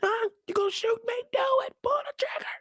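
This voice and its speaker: A man voicing a frantic, angry woman who screams for someone and dares men to shoot her, in a shrill falsetto. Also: fast, a bit bright, no room sound, studio quality. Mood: taunting.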